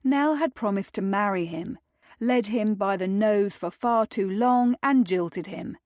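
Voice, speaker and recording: Audiobook narrator, woman, slow deliberate read, dry close sound. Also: mid-range voice, darkish tone, no room sound. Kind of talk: scripted narration.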